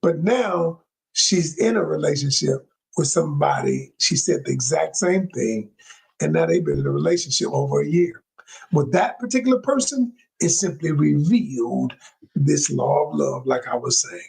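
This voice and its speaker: A man's voice: on the high side, normal speed, creaky, a little mellow, husky, rough recording. A man giving relationship advice in a live coaching talk to his viewers, emphatic and repeating key phrases, calling listeners y'all.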